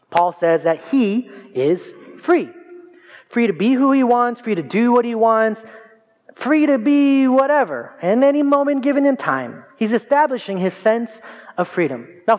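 A young adult male pastor preaching a sermon, telling stories in a lively way and pushing his voice higher for emphasis. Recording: dull sound with long reverb.

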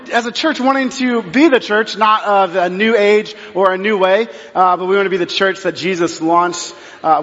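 A middle-aged male pastor preaching a sermon in a church, telling a story in an animated way and acting out both sides of the exchange. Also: high voice. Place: church sanctuary. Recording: dull sound with long hall reverb.

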